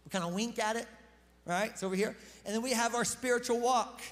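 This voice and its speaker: Very high male voice, casual pastor mid-sermon, long hall reverb. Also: brisk, fairly bright tone. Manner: casual, conversational preaching with slang and self-deprecating asides.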